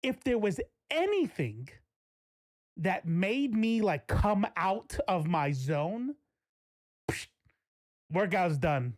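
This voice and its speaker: A man's voice: sits high, sing-song, slow pace, long pauses, dry recording, clean studio sound. A man in his forties hosting a live stream, chatting casually in a rambling way, laughing and breaking off mid-sentence. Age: 40s. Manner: rambling, laughing, self-interrupting. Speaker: streamer host.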